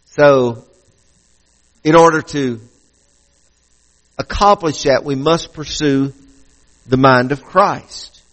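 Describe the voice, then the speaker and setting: High-voiced man preaching a sermon. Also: steady tone, takes it slowly, pauses often, fairly bright tone, low-quality recording. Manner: conversational, with frequent restarts and repeated phrases. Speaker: pastor.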